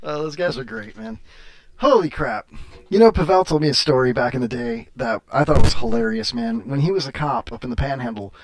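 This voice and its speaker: A man's voice: mid-range voice, animated, brisk. A man hosting a casual podcast, chatting with callers, rambling with lots of fillers and frequent laughter. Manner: rambling, full of "uh" and laughter, crude jokes. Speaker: podcast host.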